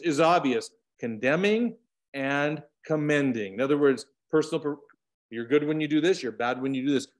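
Animated man teaching a Bible study. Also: on the high side. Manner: animated, swings between loud emphasis and quiet asides. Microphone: video call.

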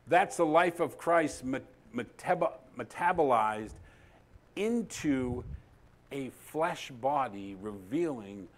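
A middle-aged man, a pastor, preaching a sermon and telling a story, acting out the dialogue with dramatic pauses. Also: medium pitch, animated.

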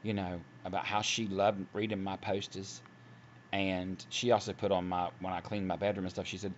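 A man's voice: low voice, little pitch movement, moderate pace. A man preaching casually from home, earnest and rambling, with many restarts. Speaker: online Christian video preacher. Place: at home, seated. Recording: dull lo-fi audio with faint hiss.

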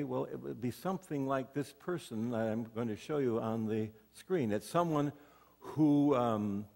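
A man's mid-range, darkish voice with vocal fry carries a sermon through a reverberant church sanctuary. As pastor, he relies on folksy storytelling and rhetorical questions to the congregation.

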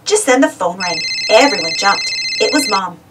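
Expressive woman reading a storybook aloud. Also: medium pitch, normal speed, very noisy. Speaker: storybook reader. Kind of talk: read-aloud storybook narration. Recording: distant mic.

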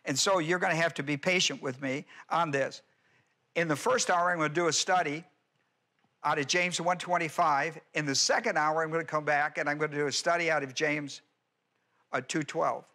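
Male pastor, bright and forceful tone, emphatic teaching sermon heavy on grammar explanations. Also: on the high side, steady tone, normal speed. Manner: emphatic, rhetorical questions, explains Greek grammar. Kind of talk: expository Bible teaching sermon.

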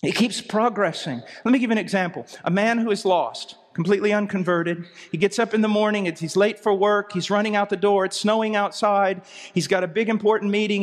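Fervent preacher man in a reverberant hall. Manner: impassioned, swinging from soft low asides to raised cries. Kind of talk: sermon. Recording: hall reverb from a live sermon.

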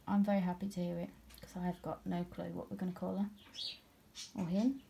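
A young British woman in a casual home vlog, showing off her new pet tarantula and often slipping into a high, slow baby voice to coo at it. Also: vocal fry, warm tone, a little hiss or hum. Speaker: vlogger showing her pets.

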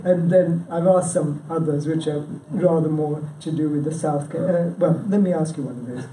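A man's voice: on the high side, fairly even intonation, normal speed, warm tone, recorded from a distance, slight background noise. A man chairing a local branch, giving an informal presentation and quizzing the audience, chatty and prone to restarts. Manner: chatty, self-interrupting, with frequent "yeah?" and "you know". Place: meeting room with a live audience. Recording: echoey room, speaker away from the mic.

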